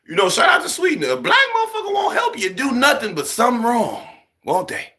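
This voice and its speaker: A man's voice: high-pitched, brisk. A young man ranting heatedly to camera in a profane monologue, acting out other people as he goes. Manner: animated, heated, swearing, acts out other people. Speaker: vlogger.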